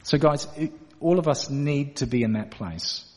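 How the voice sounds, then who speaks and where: A man's voice: medium pitch, moderate pace. Give me an earnest man preaching a sermon in a reverberant church. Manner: earnest, direct, addresses the congregation as guys. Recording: echoey church hall.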